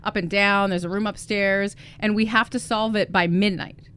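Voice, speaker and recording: A woman's voice: mid-range voice, fairly even intonation, moderate pace, a bit bright, slight background noise. A woman co-hosting a podcast, chatty and bubbly in casual conversation. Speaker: podcast co-host. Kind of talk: casual chat.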